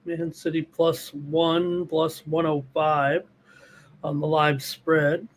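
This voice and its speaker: A man co-hosting a live betting show, calmly reading out odds and fighter records. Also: on the high side, takes it slowly. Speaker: co-host giving odds. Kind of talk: casual sports betting chat.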